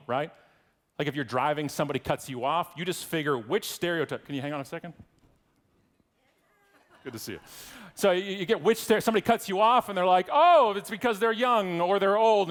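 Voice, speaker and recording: A middle-aged man with a Canadian accent giving a humorous keynote speech, wry and teasing the audience. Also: fairly high pitch. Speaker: keynote speaker. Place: large conference hall stage. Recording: long reverb of a large hall.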